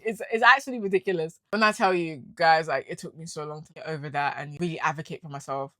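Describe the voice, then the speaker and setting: A young woman from the UK telling her own story to camera in casual slang, dropping to weary murmurs and rising to loud, indignant rants. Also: sits low, quick pace, hardly any pauses, dry recording. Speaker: vlogger. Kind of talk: candid personal storytelling to camera.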